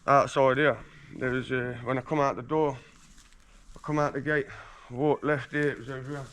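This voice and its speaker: A man's voice: medium pitch, fairly even intonation, moderate pace, fairly bright tone. A man from England telling boastful stories in a casual, slangy street interview, swearing freely while standing outdoors on a residential street.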